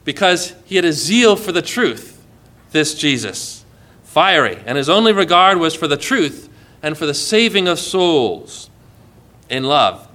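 A man preaching a sermon in an earnest way, often dropping soft and low as he quotes. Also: very animated, measured pace.

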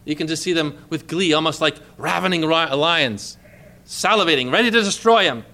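A man preaching a sermon, emphatic, repeating key phrases and dropping to a hush for quoted lines. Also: on the high side, normal speed.

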